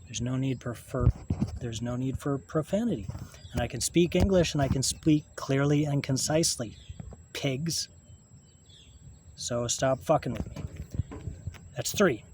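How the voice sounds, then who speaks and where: Man, middle-pitched, halting vlog monologue, restarts and profanity, faint background noise. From Canada. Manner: halting, rambling, with frequent swearing and restarts. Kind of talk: rambling monologue to camera.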